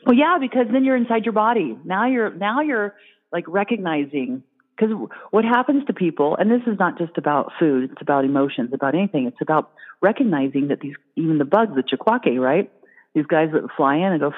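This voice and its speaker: A woman in casual conversation, telling an animated story and putting on playful little voices for imagined critters. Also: sits low, brisk. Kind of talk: casual chat. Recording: phone-like sound in a long-reverb hall.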